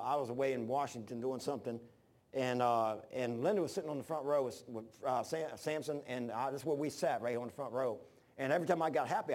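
A man preaching a sermon, telling stories with animated bursts of shouting. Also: medium pitch.

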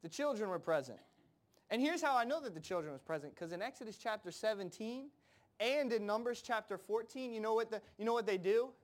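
A man preaches a sermon conversationally, acting out Bible characters in casual voices. He often repeats words and phrases and uses plenty of fillers. His voice sits high, expressive and a little fast.

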